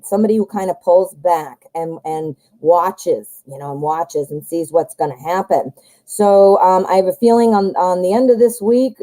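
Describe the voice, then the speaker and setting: A woman's voice: fairly low pitch, warm tone, poor audio. A woman from the United States giving a casual live tarot reading, rambling and chatty, calling viewers hun and honey. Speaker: tarot reader.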